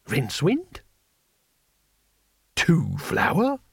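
A man's voice: a little high, huge pitch swings, extremely slow, vocal fry, husky, no room sound, clean studio sound, exaggerated voice. A man doing Twoflower, a fretful tourist. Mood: earnest. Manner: apologetic, mild and earnest. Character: timid, fretful male tourist.

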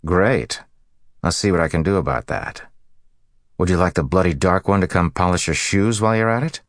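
A man's voice: low-pitched, normal speed, no room sound, studio quality, voice pushed up. A man playing a grumbling sarcastic rogue. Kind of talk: audiobook character voice.

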